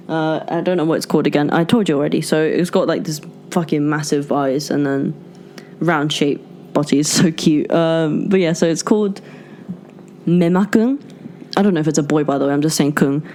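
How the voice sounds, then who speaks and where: A woman's voice: low-pitched, darkish tone, slight background noise. A young woman hosting a podcast, telling a story in a rambling, casual way, swearing and laughing often. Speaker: podcast host. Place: indoors at her desk.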